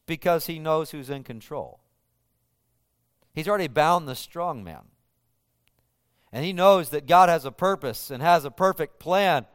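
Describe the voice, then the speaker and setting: A man's voice: fairly high pitch, animated, measured pace, long pauses, clean tone, no room sound, studio quality. A man preaching a sermon, retelling a scripture scene with vivid storytelling. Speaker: pastor.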